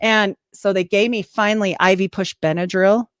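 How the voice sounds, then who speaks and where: Lively woman telling stories, dry mic. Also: medium pitch, normal speed, clear, resonant tone, dry recording. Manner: lively storyteller, acts out what others said. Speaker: podcaster and nurse, interview guest. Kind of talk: casual storytelling chat.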